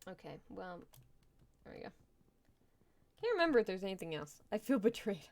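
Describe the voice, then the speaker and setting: A woman's voice: medium pitch, big pitch swings, brisk, gravelly, a little mellow. A young adult woman chatting casually on a live gaming stream, laughing often and thinking aloud while she plays.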